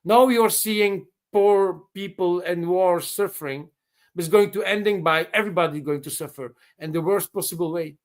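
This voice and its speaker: A man with a fairly high voice speaks on a live call-in show over a video call. His speech is halting, with many restarts and repeated words. He swears bluntly for emphasis while he sets out his opinions. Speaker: caller on a live open-mic show. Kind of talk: casual spoken opinion on current events.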